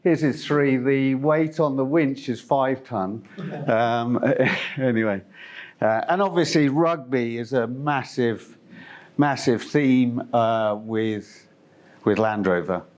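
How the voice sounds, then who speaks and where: A middle-aged man from Zimbabwe, presenting for his company at a conference, speaks slowly in a mid-range voice. His talk is chatty and meandering, full of fillers and restarts.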